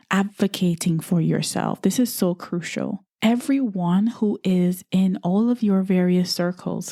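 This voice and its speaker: A woman's voice: lowish voice, warm tone, dry recording, studio quality. A woman from the Caribbean hosting a podcast, speaking to listeners in an earnest, encouraging, conversational monologue full of "you know" asides. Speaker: podcast host.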